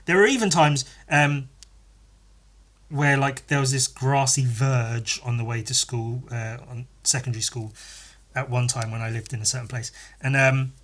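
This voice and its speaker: A man's voice: medium pitch, steady tone, normal speed, a bit bright. An English man hosting a solo podcast, rambling in a sweary, sarcastic way with lots of asides. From England. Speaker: podcast host.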